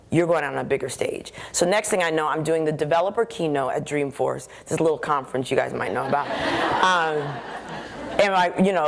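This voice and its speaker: A woman giving a conference keynote on stage, telling her story with animated energy and acting out the voices in her head. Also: deep voice. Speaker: keynote speaker.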